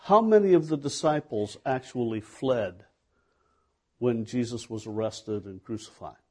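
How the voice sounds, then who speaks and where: A male pastor delivers a sermon at an unhurried pace. His voice is mellow and a little husky, and he speaks conversationally, putting questions to his listeners. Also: medium pitch, lively intonation. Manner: conversational preaching with rhetorical questions.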